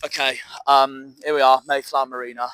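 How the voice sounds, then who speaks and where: Male football fan vlogger, bright edgy tone, fed-up swearing rant, recorded outdoors by a marina. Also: medium pitch, little pitch movement, brisk, clear, resonant tone, no room sound. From South West England. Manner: angry, despondent ranting with swearing.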